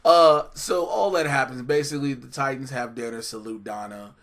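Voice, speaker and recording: Male co-host, mid pitch, casual and jokey, salty language, show-recap energy. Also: moderate pace. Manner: animated, profane, jokey storytelling. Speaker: co-host reviewing a TV episode. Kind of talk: casual podcast chat.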